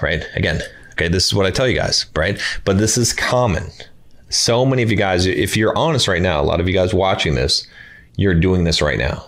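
A man's voice: brisk, a bit bright. A man giving blunt dating advice to his viewers in a casual monologue, acting out quoted lines. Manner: blunt, emphatic, acts out quoted lines with higher pitch.

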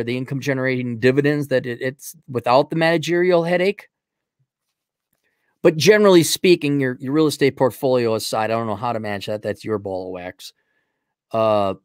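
A man's voice: medium pitch, dry recording, studio quality. A man hosting a livestream, giving blunt, rambling, sarcastic opinions in casual talk. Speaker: livestream host.

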